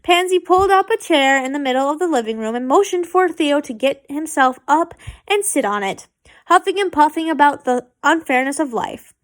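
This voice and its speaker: A woman's voice: sits high, animated, normal speed. A woman reading fan fiction aloud, stumbling and correcting herself, with chatty asides.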